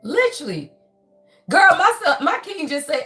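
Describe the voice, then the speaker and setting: With soft background music behind her, a woman speaking high and a little slowly hosts a spiritual reading livestream. Her casual talk is blunt, profane, lively and preachy, and "y'all" comes up constantly as she addresses viewers.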